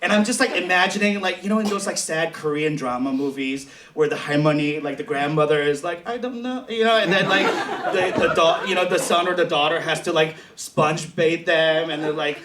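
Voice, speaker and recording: A man's voice: fairly high pitch, a little fast, few pauses. A man doing a confessional stand-up comedy set on a theater stage. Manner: bawdy, confessional, animated storytelling. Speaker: stand-up comedian and show host. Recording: echoey theater from far off, loud crowd laughter.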